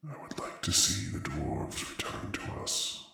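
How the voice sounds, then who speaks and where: A man voicing the unseen, wolf-mouthed being in a tabletop game, speaking in a cold, slow, breathy half-whisper. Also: very echoey, recorded from a distance, natural voice. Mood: scornful.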